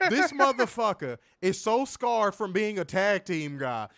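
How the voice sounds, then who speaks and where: A man co-hosting a casual wrestling review, profane and animated, reading viewer comments aloud. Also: high voice, unhurried, no echo, studio quality. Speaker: podcast co-host.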